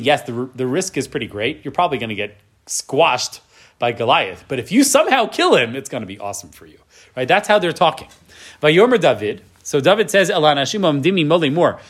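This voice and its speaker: A man teaching a lively Bible class, his voice sitting a little high for a man. He reads verses aloud and then explains them, often tagging his sentences with a question to keep the class with him. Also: slightly rough. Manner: animated, mixes Hebrew verse readings with English explanation; frequent tag question "right?". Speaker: Torah teacher.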